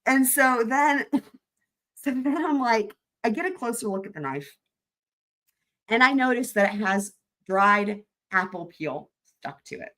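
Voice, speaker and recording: A woman's voice: medium pitch, sing-song, a little slow, long pauses, fairly bright tone. A young adult woman hosting a livestream, telling a story in casual chat, laughing often and swearing freely. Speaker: livestream host.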